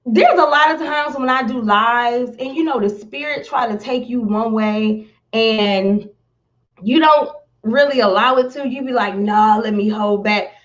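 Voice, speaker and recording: Slow, emotional woman on a live stream. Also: a little high, a bit bright, muffled recording. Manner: slow, emotional, close to tears, repeats words. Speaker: motivational speaker on a live stream. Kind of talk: heartfelt live-stream talk.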